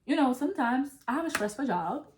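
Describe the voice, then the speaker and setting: A young woman telling a story in casual chat, animated and profane, calling her listeners "y'all". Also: high-pitched, brisk, slight background noise. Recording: roomy echo.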